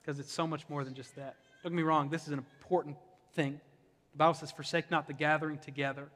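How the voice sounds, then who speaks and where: A young adult male pastor from Ohio preaching in a conversational, impassioned way, slipping into humorous stories about his own life. His voice sits a little high for a man. The sound rings with the long reverb of a church sanctuary. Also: little pitch movement, fast talker, a bit bright. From Ohio, USA. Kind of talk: sermon.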